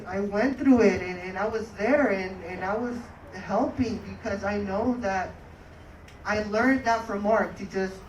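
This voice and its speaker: Memorial speaker, stammering and halting, far from the mic, echoey outdoor sound. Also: medium pitch. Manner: hesitant, many repeated words. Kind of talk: halting heartfelt tribute. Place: outdoor skatepark crowd gathering. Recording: distant echoey mic with crowd noise.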